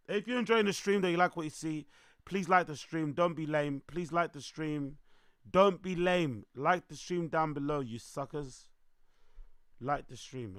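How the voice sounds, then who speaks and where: A young man, his voice worn hoarse, chatting loosely to his livestream audience, repeating himself and swearing as he goes. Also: fairly high pitch, fairly bright tone, no room sound, studio quality. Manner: loose, repetitive, swearing, talks to chat. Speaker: livestream host. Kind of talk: casual livestream chat.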